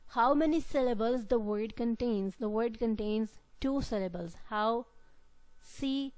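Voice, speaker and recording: A woman lecturer giving a classroom-style lesson, speaking deliberately and repeating key words for her students. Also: on the high side, a little mellow, no room sound, low-quality recording.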